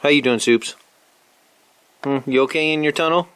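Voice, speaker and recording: A man at home talking to his cats, coaxing and teasing them in a soft, affectionate murmur that sometimes drops to a whisper. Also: fairly high pitch, moderate pace, slight background noise. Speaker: cat owner filming his pets. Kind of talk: casual talk to pets. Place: indoors at home.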